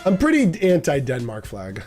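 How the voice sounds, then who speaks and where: A man's voice: fairly high pitch, huge pitch swings, moderate pace, darkish tone, soft background music. A man streaming a game, chatting with viewers in a rambling, joking, self-deprecating way. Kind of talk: casual live-stream chat.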